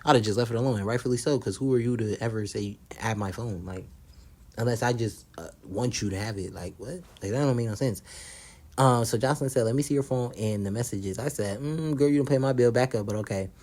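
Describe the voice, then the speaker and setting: A man's voice: on the low side, brisk, darkish tone. A young man casually recapping a reality show, blunt and profane, gossiping and acting out what the cast said.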